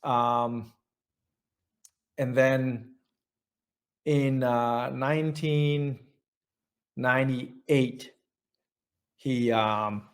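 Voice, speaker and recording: A man in his forties from central Vietnam with a Vietnamese accent, telling his story in an oral history interview, halting and restarting often. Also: medium pitch, steady tone. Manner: halting, many restarts and repeated words.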